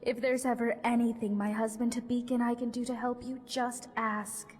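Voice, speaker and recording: A woman's voice: a little high, little pitch movement, moderate pace, a little mellow, natural voice. An actress voicing a flustered, self-deprecating townswoman in a video game who rambles and trips over her words. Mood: relieved. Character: anxious married townswoman, floor sweeper, bitter and self-deprecating. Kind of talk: video game character dialogue. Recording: game audio with long reverb and faint music.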